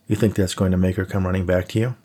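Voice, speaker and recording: A man reading the lines of a stern, skeptical male investigator in an audiobook, with clipped, flatly threatening speech. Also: sits low, fast talker, breathy edge. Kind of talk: audiobook character voice.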